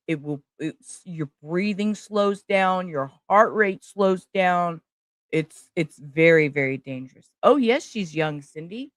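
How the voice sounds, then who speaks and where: A woman's voice: lowish voice, lively intonation, takes it slowly, no echo, clean studio sound. A woman giving casual live commentary over courtroom testimony, chatty and full of asides. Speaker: livestream trial commentator.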